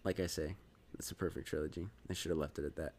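Man, very low pitch, podcast host, casual movie chat, rambling, chuckles. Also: steady tone, fast, a little mellow. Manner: rambling, chuckling, trails off mid-sentence.

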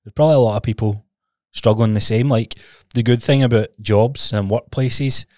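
A man's voice: mid-range voice, steady tone, normal speed, a little mellow, no room sound, studio quality. A Scottish man co-hosting a podcast, reassuring and giving reflective advice in casual talk. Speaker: podcast co-host. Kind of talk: candid podcast conversation.

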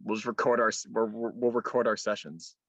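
Woman co-host, extremely low voice, deadpan wit, dry close sound. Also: brisk, husky, no echo. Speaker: podcast co-host. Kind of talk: casual chat.

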